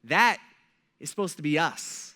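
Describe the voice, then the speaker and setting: Male pastor with a high, ringing voice, preaching a casual, story-driven sermon. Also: sing-song, a little slow, pushed and bright. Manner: casual storytelling with slang and frequent asides; addresses the congregation directly. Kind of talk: conversational sermon.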